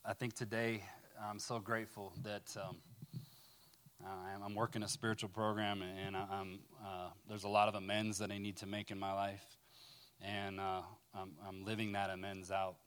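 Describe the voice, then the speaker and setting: Halting, low-voiced man giving testimony. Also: little pitch movement, fairly bright tone, clean tone. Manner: halting, with many fillers and repeated words; reads scripture aloud with rising fervor. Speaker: speaker sharing a recovery testimony. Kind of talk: personal testimony with scripture reading.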